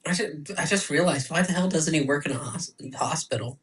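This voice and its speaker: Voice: medium pitch, fairly quick, a bit bright, breathy edge. A co-host chimes in on a casual episode review in a middling voice. The remarks are wry and joking, with a dry, teasing edge.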